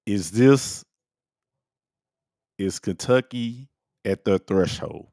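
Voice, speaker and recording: A lower-voiced man co-hosts a fan show. He talks over sports in a halting, questioning way. His voice is recorded close and dry. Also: warm tone, no room sound. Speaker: co-host. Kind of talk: casual sports reaction chat.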